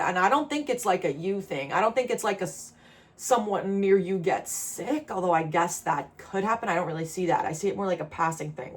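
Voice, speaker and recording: Woman, New Jersey accent, tarot reader, chatty, laughs a lot, talks to the viewer. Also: on the low side. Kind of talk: casual tarot reading to camera.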